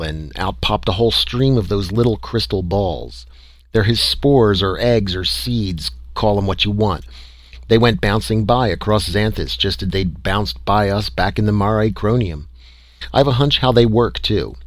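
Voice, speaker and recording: A man narrating a first-person story aloud in a measured, conversational way. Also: fairly low pitch, no echo. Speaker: audiobook reader.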